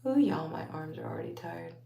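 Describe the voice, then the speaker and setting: Low, gravelly Texas woman chatting. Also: sing-song, brisk, dark tone, roomy sound. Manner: chatty, rambling, laughs often, calls viewers y'all. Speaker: vlogger talking to viewers. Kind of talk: late-night casual chat while taking out braids. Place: home at night, under a bright light.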